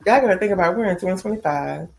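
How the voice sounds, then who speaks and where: A woman's voice: medium pitch, animated, very fast, vocal fry. A woman hosting a casual gossip podcast, talking straight to listeners and calling them y'all and baby. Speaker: podcast host. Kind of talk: casual celebrity gossip commentary.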